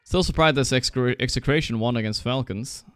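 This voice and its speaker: A young man streaming live, chatting casually, reacting loudly and swearing often while he plays a guessing game. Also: medium pitch, fairly quick, clean tone, no room sound.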